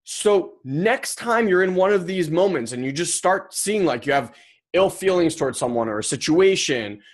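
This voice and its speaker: A man hosts his podcast alone in a loose, casual monologue. He talks animatedly and slips into little acted-out voices for the thoughts he quotes. His voice sits a touch high for a man. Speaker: podcast host.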